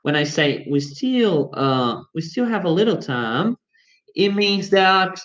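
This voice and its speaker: Male English teacher, fairly high voice, upbeat and coaxing, dull lo-fi stream audio. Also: lively intonation, a little slow, gravelly, a bit bright. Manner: coaxing, upbeat, talks straight to viewers. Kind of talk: live-streamed English lesson.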